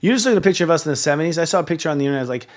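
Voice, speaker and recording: Fast talking guy hosting a talk show, kinda high voice, ranting and cursing. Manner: animated, profane, ranting. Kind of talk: casual chat.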